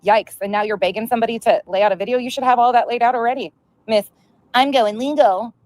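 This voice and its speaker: A woman's voice: on the high side, fairly even intonation, rapid-fire, a little mellow, dry recording. A woman hosting a commentary stream, answering played clips with blunt, sarcastic retorts. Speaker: commentary channel host.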